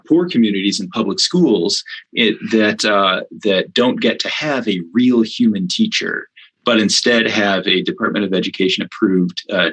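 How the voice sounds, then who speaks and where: Gravelly man speaking haltingly. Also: lowish voice, a bit bright, low-quality recording. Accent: Midwestern American. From United States. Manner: hesitant, many fillers and restarts. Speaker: guest theology professor. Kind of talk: thoughtful podcast interview answer.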